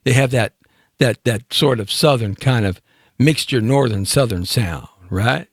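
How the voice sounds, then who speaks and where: A man's voice: mid-range voice, animated, moderate pace, creaky, no echo, clean studio sound. A man hosting a live talk show in a casual, rambling, playful monologue, speaking directly to his listeners.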